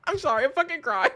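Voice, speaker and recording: A woman's voice: high-pitched, pushed and bright. A young woman streaming, reacting to a video in a casual, incredulous way, laughing and swearing often.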